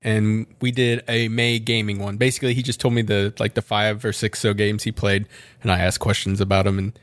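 A man's voice: lowish voice, fairly quick, no room sound. Chatty, laid-back man podcast co-host. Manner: relaxed, chatty, laughs often. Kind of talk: casual chat.

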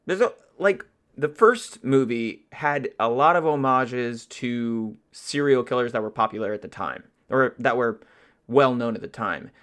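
A man's voice: mid-range voice, measured pace, a bit bright. A man co-hosting a podcast, blunt and swearing freely in casual chat. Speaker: podcast co-host.

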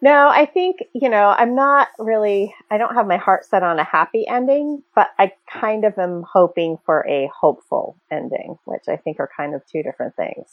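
A woman's voice: mid-range voice, lively intonation, normal speed, hardly any pauses, no echo, highs cut off. A woman co-hosting a casual fan podcast, chatting and speculating freely, with many fillers and small laughs. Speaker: podcast co-host.

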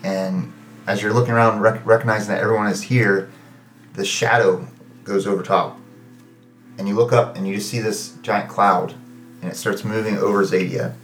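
A man running a tabletop game as game master, narrating in a halting way full of fillers and small restarts. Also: fairly low pitch, little pitch movement, roomy sound, soft background music.

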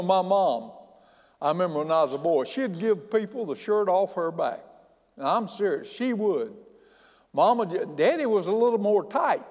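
A male pastor preaches in a folksy, emphatic way, his fairly high voice leaping up and down as he stresses each point. His words ring out with a long echo from the hall around him. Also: a little mellow. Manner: folksy, emphatic preaching with frequent "hey" and restarts. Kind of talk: sermon.

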